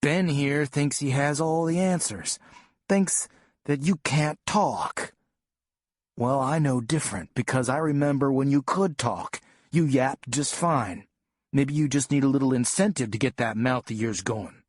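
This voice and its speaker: A man voicing an abusive, short-tempered father who coaxes and threatens in a lower, quieter voice. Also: measured pace, no echo, clean studio sound, close to an everyday voice. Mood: menacing. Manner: coaxing then harsh and menacing.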